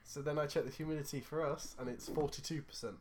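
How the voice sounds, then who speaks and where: A man's voice: a little high, steady tone, fast talker, darkish tone. A British man co-hosting a podcast in casual chat, joking drily and laughing in wheezes. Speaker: podcast co-host.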